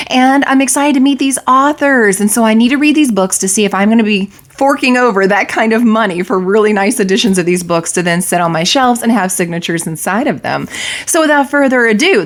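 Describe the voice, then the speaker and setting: A woman hosting her own book vlog, chatting casually and expressively as she gushes about her reading. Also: mid-range voice. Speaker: book vlogger host.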